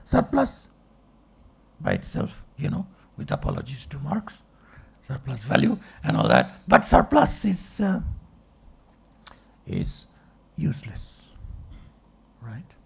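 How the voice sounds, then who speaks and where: A man's voice: medium pitch, huge pitch swings, takes it slowly, gravelly, pauses often, breathy edge. A man, a philosophy professor, giving a discursive public lecture and checking in with the audience with rhetorical questions. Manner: discursive, asks rhetorical checks like okay and right.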